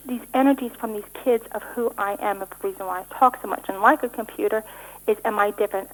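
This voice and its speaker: Fast-talking middle-aged woman, tripping over words. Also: mid-range voice, low-quality recording. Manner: rapid, breathless talk with frequent restarts and stumbles. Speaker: interview guest. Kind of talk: rambling interview answers.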